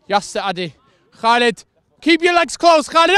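A man with a Mancunian accent calls an amateur football match from the pitchside, his voice very high and bright. He shouts in bursts of excitement and throws in the odd swear. The sound is outdoors. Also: moderate pace, clean tone, dry recording. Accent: Mancunian English. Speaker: sideline commentator and team manager.

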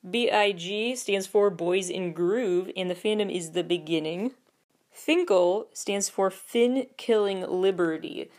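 A woman hosting a podcast, giving casual commentary with chatty, opinionated asides. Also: lowish voice. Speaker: podcast host.

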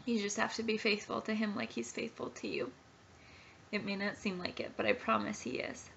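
A woman's voice: mid-range voice, fairly even intonation, normal speed, gravelly, a bit bright, slight background noise. A woman in her thirties giving an earnest, heartfelt personal testimony in a home vlog. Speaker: Christian sharing her testimony. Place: home nursery. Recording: dull lo-fi recording.

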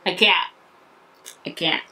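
Slow-talking excited woman vlogger. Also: low-quality recording. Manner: excited, breathless, repeats herself. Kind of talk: casual vlog.

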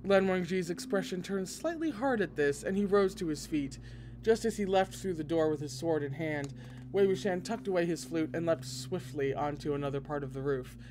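A man reading a novel aloud expressively, now and then breaking in with excited asides. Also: on the high side, normal speed, noisy background. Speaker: podcast reader.

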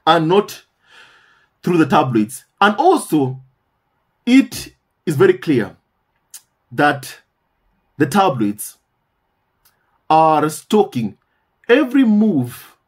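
A man's voice: a little high, very animated, slow pace, pauses often, slightly rough. A man hosting a commentary channel, talking in a casual monologue, emphatic and repeating phrases for stress, often calling his viewers "my family".

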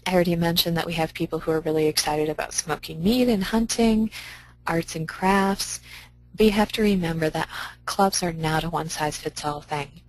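A woman's voice: fairly low pitch, moderate pace, a little mellow, no echo, rough recording. A woman library director giving an upbeat, conversational conference presentation full of practical advice.

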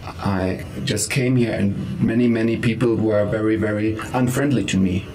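A man acting as a halting, playful robot interviewer. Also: lowish voice, fairly even intonation, a little mellow. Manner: playful, halting simple phrasing. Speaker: interviewer in costume. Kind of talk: comic interview in character.

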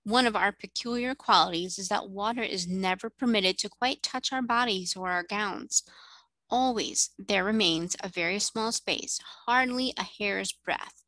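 A woman's voice: medium pitch, bright, forceful tone, no room sound. A woman reading aloud, voicing a gracious, regal mermaid queen who explains things patiently.

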